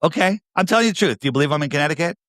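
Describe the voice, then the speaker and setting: A man's voice: a little high, expressive, very fast, a bit bright, no room sound, clean studio sound. A man with a New York area accent, talking as a guest on a video call, pressing his points with emphatic rhetorical questions. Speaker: podcast guest. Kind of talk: casual conversation.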